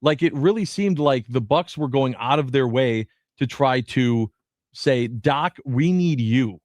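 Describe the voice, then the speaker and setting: A man co-hosting a sports radio show in casual talk, animated and given to quick restarts as he reads quotes aloud. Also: mid-range voice, no echo.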